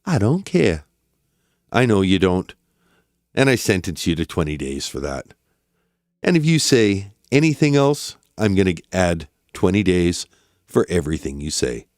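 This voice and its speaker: A man voicing a stern, curt male judge who speaks in a measured, deadpan way, in a dramatic reading of a court transcript. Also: sits low, no echo, clean studio sound, voice pushed down. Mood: sentencing.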